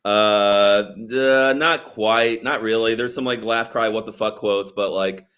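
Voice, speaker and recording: A man's voice: on the low side, fairly even intonation, a little slow, a bit bright, clear, resonant tone. A man co-hosting a casual movie podcast, talking loosely and a little profanely and quoting lines from the film in offhand voices. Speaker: podcast co-host. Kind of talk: casual movie review chat.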